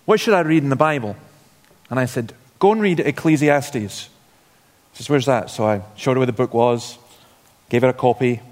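Scottish-based man preaching in a reverberant church. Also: medium pitch. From Scotland. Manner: informal, storytelling, wry asides. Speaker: guest preacher. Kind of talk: sermon. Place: church hall. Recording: long hall reverb.

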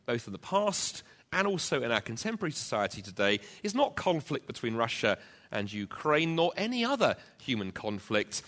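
A man's voice: medium pitch, fairly bright tone. A man preaching an emphatic sermon to a church congregation, driving points home with rhetorical repetition. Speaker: pastor. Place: church, also live-streamed.

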